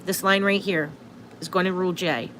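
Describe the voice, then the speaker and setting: A woman's voice: on the low side, fairly even intonation, moderate pace, a bit bright, slight background noise. A woman hosting a casual astrology livestream into her phone, chatty and self-interrupting.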